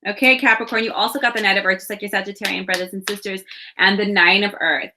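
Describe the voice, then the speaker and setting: A woman in her thirties giving a casual, reassuring astrology and tarot reading to camera, chatty and warm-hearted, with laughs and sighs between thoughts. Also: medium pitch, steady tone, fast talker, noisy background.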